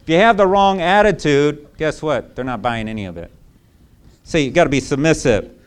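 A male pastor with a somewhat high voice delivers a sermon in a loose, conversational way. He leans on emphatic repetition and keeps checking in with his listeners through rhetorical asides. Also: lively intonation, normal speed, clean tone.

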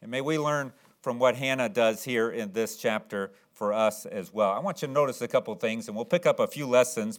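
A man's voice: fairly low pitch, fairly bright tone. A man delivering a sermon as a pastor in a church, folksy and repetitive, building to emphatic preaching. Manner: folksy, repeats phrases, rises to emphatic preaching. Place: church sanctuary.

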